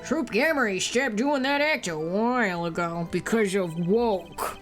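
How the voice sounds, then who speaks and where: A woman's voice: mid-range voice, animated, a little slow, over music, close to an everyday voice. A woman voicing a brash, wisecracking male detective, pushy and slangy, as she reads game dialogue aloud.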